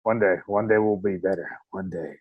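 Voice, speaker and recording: A man's voice: low-pitched, steady tone, a little fast, dry recording, narrow, tinny audio. Rambling man co-hosting a podcast. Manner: rambling, laughs often, many restarts. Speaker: podcast co-host. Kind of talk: casual chat. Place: home, remote call.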